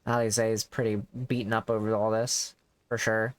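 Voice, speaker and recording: A man's voice: on the low side, level tone, moderate pace, dry recording. A man casually commenting while he streams a game, offhand and swearing now and then.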